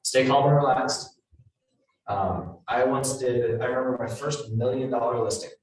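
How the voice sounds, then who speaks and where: A man giving a live real estate training talk to agents, blunt and animated, acting out the people he quotes. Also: mid-range voice, normal speed. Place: training room with an audience. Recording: roomy, echoey hall from far off.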